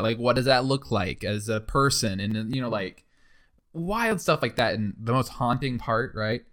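A young man co-hosting a podcast in casual chat, rambling and excitable, full of fillers. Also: medium pitch. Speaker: podcast co-host. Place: in person in a shared room.

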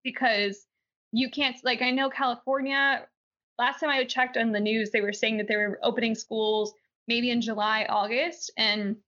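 A woman's voice: a little high, fairly even intonation, normal speed, fairly bright tone. A young woman with a slight Southern accent, co-hosting a podcast in casual, opinionated news chat and laughing often. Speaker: podcast co-host. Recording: dull lo-fi podcast audio.

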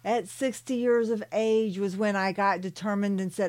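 An older woman reads her own spiritual story in a soothing voice, stopping for gentle personal asides to the listener. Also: medium pitch, fairly even intonation. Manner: slow and soothing, calls listeners "beloved". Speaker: author and spiritual channeler.

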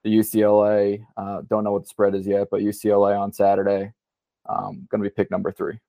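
A man's voice: fairly low pitch, completely flat delivery, brisk, gravelly, warm tone, no echo. A man co-hosting a casual podcast, teasing his friends and talking with plenty of fillers. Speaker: podcast co-host. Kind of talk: casual sports-betting chat.

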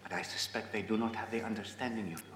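A man voicing a gentle male teacher speaking tenderly to his students, soft and slow. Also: lowish voice, steady tone, natural voice. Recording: roomy hall with music behind.

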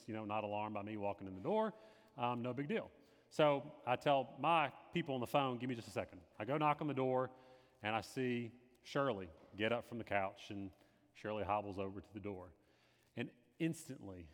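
An earnest man tells a personal faith testimony in a sermon-like way. He repeats key phrases and swings between hushed, quiet lines and emphatic bursts. His voice sits at an ordinary pitch and carries a long hall reverb. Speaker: lay speaker giving a testimony.

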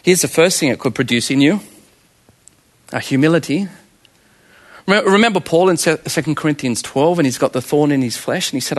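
A man in his thirties with an Australian accent, preaching a sermon in an animated way and asking the congregation questions. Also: a little high, moderate pace, pauses often. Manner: animated, asks the congregation rhetorical questions, laughs often. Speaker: pastor.

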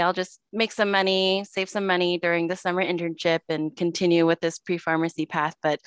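A young woman tells her path into her field on a panel. Her voice is lower and smooth, and the sound is close and dry. She talks easily, with a few fillers. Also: no room sound. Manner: relaxed, with light fillers and small laughs. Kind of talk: casual panel storytelling.

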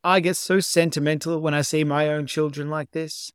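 A flamboyant, sentimental gentleman of grand and florid speech, put on by a man reading a story. The voice sits well above the narrator's own and rings louder, every phrase theatrical. It is recorded dry and close. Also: a little high, steady tone, moderate pace, clear, resonant tone, no echo, pitched above the performer's own voice, close to an everyday voice. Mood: fond, theatrical.

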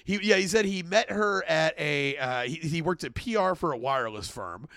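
High, gravelly-voiced man telling a story. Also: normal speed, dry recording, clean studio sound. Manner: animated, laughing, swears, acts out quotes in voices. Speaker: podcast co-host. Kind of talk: casual storytelling chat.

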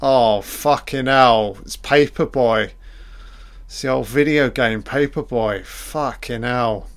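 A man talks through a film in a loose, unhurried commentary. He swears constantly and mocks what he sees with dry sarcasm. His pitch sits in an ordinary middle range. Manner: crude, sardonic, swears freely; mimics characters in mock voices. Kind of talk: casual running film commentary.

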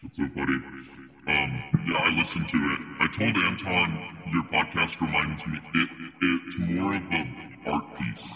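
A man's voice: rumbling low, measured pace, echoey room, big-room sound, over music. A man chatting as a guest on a podcast over a video call, easygoing and talkative. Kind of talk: casual chat.

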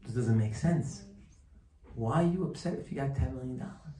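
A man giving an animated, emphatic sermon to a live group, telling a story and acting out its dialogue. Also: mid-range voice, fairly quick. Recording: roomy room from far off, faint ambience.

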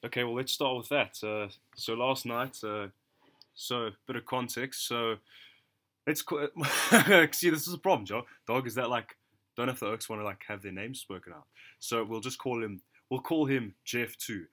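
A young man from South Africa, co-hosting a podcast and telling a story in a relaxed, slangy way, laughing between lines. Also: mid-range voice, moderate pace. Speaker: podcast co-host. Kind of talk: casual storytelling chat.

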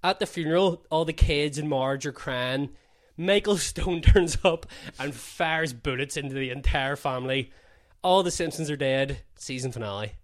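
A man's voice: a little high, moderate pace. A man hosting a casual podcast, playful and teasing as he runs a game with his co-host. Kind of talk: casual chat.

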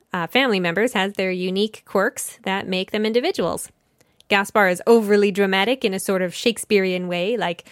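A woman's voice: medium pitch, a bit bright, no room sound, clean studio sound. Woman casually discussing a children's book. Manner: conversational, thinks aloud with small self-corrections. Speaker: children's book podcast host.

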